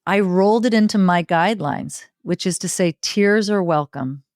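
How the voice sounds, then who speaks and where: A middle-aged woman telling stories in an interview, expressive and building long rhythmic lists. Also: lowish voice, normal speed, no echo, studio quality. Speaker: podcast guest, circle facilitator. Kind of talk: conversational interview.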